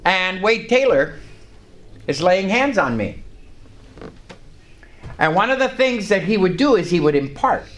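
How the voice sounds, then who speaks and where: A man's voice: high-pitched, very animated, measured pace, long pauses, a bit bright. An older man preaching a sermon in a church, telling a story with emphatic, rising lines. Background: congregation responding.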